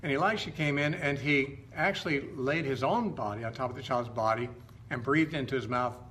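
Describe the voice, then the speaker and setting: A middle-aged man retelling Bible stories in an informal teaching style, conversational and halting, often stopping to correct himself. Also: medium pitch, a bit bright, slight background noise.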